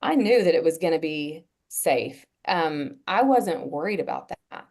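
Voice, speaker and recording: A woman guest on a podcast, telling a personal story in a casual, earnest way, pausing often with fillers and restarts. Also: low-pitched, expressive, darkish tone. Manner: halting, with frequent "um" and restarts.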